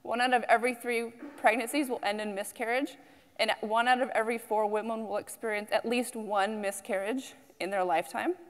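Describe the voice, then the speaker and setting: A woman founder gives a startup pitch to a crowd in a large hall, and her voice rings out with a long tail of reverb. She speaks earnestly and personally, filling pauses with ums. Her voice sits a little high. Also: fairly even intonation. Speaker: company founder and CEO.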